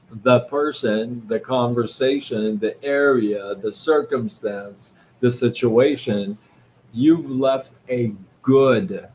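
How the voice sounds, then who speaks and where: A man hosting a live stream, giving a casual motivational talk in a slow, reflective way, with many fillers and restarts. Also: medium pitch, a little mellow, a little hiss or hum. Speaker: livestream host. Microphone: live-stream setup.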